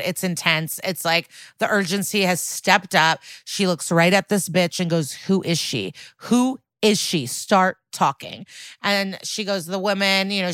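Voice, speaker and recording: A woman's voice: on the low side, clear, resonant tone, no echo, clean studio sound. A woman co-hosting a podcast, casually retelling a TV episode and acting out the characters' lines. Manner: animated retelling with acted-out quotes and laughs. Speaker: podcast co-host recapping episodes. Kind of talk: casual chat.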